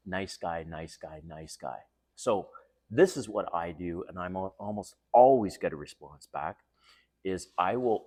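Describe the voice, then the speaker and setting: A middle-aged man hosting a casual dating-advice vlog, telling stories in a chatty way and chuckling often. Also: deep voice.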